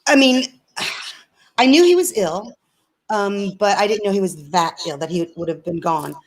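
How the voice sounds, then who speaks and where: A woman's voice: mid-range voice, lively intonation, measured pace, poor audio. A woman guest on a video call, speaking earnestly and telling a personal story with many restarts. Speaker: interview guest, singer. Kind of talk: casual conversation.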